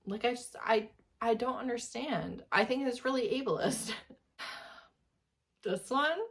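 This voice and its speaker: A woman's voice: a little high, takes it slowly, fairly bright tone. A woman reviewing books, ranting in disbelief with emphatic repeated lines. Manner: exasperated, incredulous, emphatic repetition. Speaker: book reviewer reacting to videos. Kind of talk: reaction rant.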